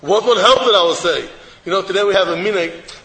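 High-voiced preacher in an echoey hall. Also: male voice, animated, fairly quick. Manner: emphatic, repeats rhetorical questions, sometimes shouts. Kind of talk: sermon. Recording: echoey hall with faint ambience.

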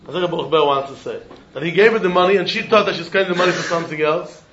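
Animated high-voiced man teaching Talmud. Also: fast talker. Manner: animated, questioning, mixing English and Yiddish. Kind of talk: yeshiva-style Talmud lesson. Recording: dull echoey room with faint noise.

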